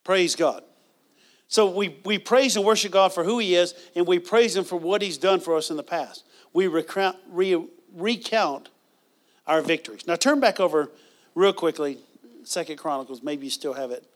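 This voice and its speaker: High-voiced man preaching a sermon. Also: moderate pace. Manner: conversational preaching with bursts of loud praise. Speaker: pastor.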